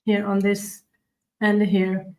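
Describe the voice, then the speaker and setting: A woman hosts a live baking tutorial, talking viewers through each step as she decorates at her table. Her voice stays level, with little rise and fall, and she speaks in a chatty, unhurried way. She answers viewer comments as she works. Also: mid-range voice, monotone, a little mellow, low-quality recording. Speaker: cookie decorating livestream host.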